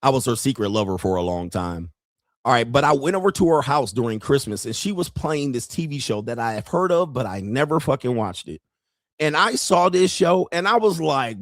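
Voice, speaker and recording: A brash male streamer riffs to his viewers in a loose, profane ramble. His pitch leaps around constantly, and the recording is close and dry with no room sound. He is mid-pitched for a man. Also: big pitch swings, brisk, no echo. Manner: talks straight to viewers. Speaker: live-stream host. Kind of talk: casual live-stream commentary.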